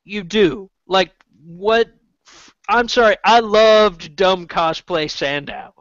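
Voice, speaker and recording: A man's voice: sits high, slow, fairly bright tone, dry recording. A man from Canada hosting a casual chat, rambling with restarts and casual swearing. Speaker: podcast host. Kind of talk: casual chat about wrestling. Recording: dull lo-fi dry recording.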